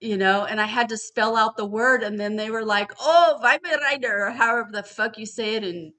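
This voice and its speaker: A woman studying for a master's degree sits on a podcast panel, venting bluntly and casually and swearing freely. Her mid-range voice is pushed and bright, with a steady tone at a moderate pace.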